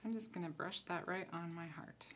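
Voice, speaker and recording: A woman with a slightly low voice walks viewers through a craft project. She is chatty and relaxed, thinking aloud as her hands stay busy. A faint room noise sits under her voice. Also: moderate pace. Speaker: concept designer demonstrating crafts. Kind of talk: casual craft tutorial.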